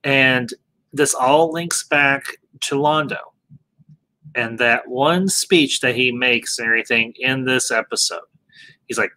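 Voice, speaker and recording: A man's voice: medium pitch, slow pace, bright, forceful tone, no room sound, low-quality recording. A man hosting a casual discussion, speaking animatedly, posing questions and restarting his sentences. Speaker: podcast host moderating a discussion.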